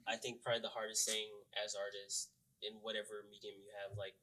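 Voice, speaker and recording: An easygoing man co-hosting a podcast, speaking in a slightly low, bright voice. He chats loosely and fills his sentences with "like" and "uh". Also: little pitch movement, fast, slight background noise, rough recording. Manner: easygoing, many fillers like "like" and "uh". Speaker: podcast co-host. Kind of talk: casual podcast chat.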